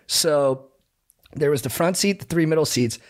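A man's voice: a little high, moderate pace. A man co-hosting a podcast, telling stories in casual chat and often laughing as he talks. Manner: animated, laughing through stories. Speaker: podcast co-host.

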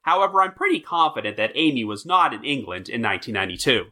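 A man's voice: mid-range voice, sing-song, fast talker, pushed and bright. A man hosting a true crime podcast, reading prepared notes in a wry, storytelling manner. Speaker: podcast host.

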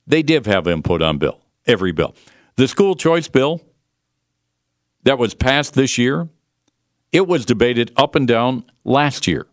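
A man's voice: medium pitch, animated, a little slow, long pauses, no echo, studio quality. A man hosting a political talk radio show, delivering a combative, sarcastic monologue with mocking asides.

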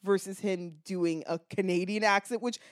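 Casting: American woman, podcast co-host, mid-pitch, chatty and thoughtful, filler-heavy. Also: fairly even intonation, normal speed. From United States. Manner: chatty, many "like" fillers, reflective. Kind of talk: casual chat.

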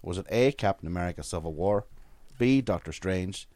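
A man's voice: low-pitched, animated, moderate pace, a little mellow, dry recording. A man hosting a casual podcast quiz, reading questions out amid swearing banter and laughter.

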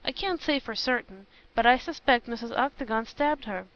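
A woman narrator reads a jealous, scheming young woman from a storybook, a spiteful character quick to flare into shrill fury. The voice is natural and fairly high, the mood cold, and the sound dull and lo-fi.

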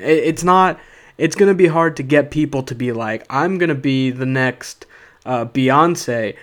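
A man's voice: medium pitch, a bit bright. A young man, a stand-up comedian, delivering a rambling, sarcastic comic monologue to his podcast listeners. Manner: rambling, sarcastic, with frequent "uh" and "okay?".

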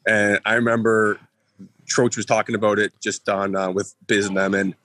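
A man, a former hockey player, talking in a halting podcast chat full of fillers and restarts. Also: lowish voice, level tone, a bit bright, no room sound. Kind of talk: casual podcast talk.

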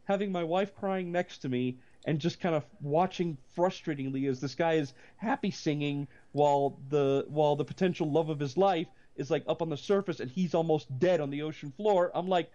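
A man, possibly middle-aged, co-hosting a casual movie chat, rambling with many restarts and breaking into animated rants. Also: fairly high pitch, normal speed, few pauses, lo-fi sound. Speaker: podcast co-host.

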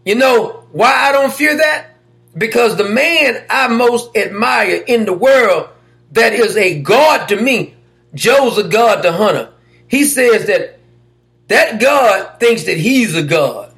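A man's voice: sits high, lively intonation, slow, a bit bright. A man hosting a talk show, giving mocking, sarcastic political commentary and laughing at his own points.

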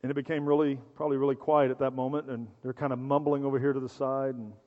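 A man's voice: medium pitch, level tone, fast talker. A middle-aged male pastor preaching a sermon in a conversational, storytelling way, with humor and acted-out voices. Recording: dull sound in a reverberant hall.

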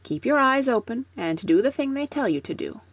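A calm, patient storybook mother speaks gently and plainly, as a woman reads her. The voice is soft and breathy, close and dry. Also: on the high side, a little fast, no room sound, pitched above the performer's own voice, exaggerated voice.

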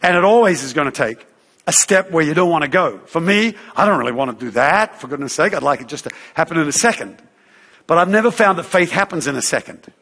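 A preacher with a husky, slightly high voice tells a story from the pulpit. He is animated and acts out the other people in it, with a lot of "uh" and "you know". A long reverb from the hall trails after his words. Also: quick pace. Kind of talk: sermon storytelling.

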